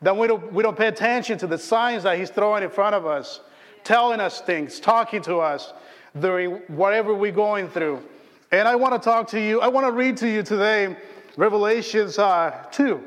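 A man's voice: high-pitched, normal speed, long reverb tail. A man preaching a sermon in a church, telling stories in a chatty way with many fillers and restarts. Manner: conversational storytelling with frequent fillers and restarts. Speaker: pastor.

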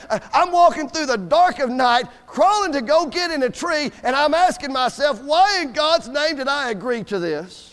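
Casting: high-pitched male preacher, folksy humor, amen calls, church hall reverb. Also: animated, moderate pace, hardly any pauses, fairly bright tone. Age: adult with school-age kids. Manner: folksy, joking storyteller with call-and-response amens. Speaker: guest preacher. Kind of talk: sermon. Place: church sanctuary.

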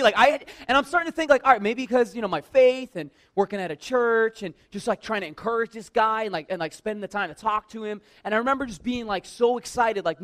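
A man who works at a church tells a personal anecdote in a lively, conversational way, full of "like" and self-mocking humor. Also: sits high, fast, few pauses. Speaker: church worker telling a personal story. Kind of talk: casual personal storytelling.

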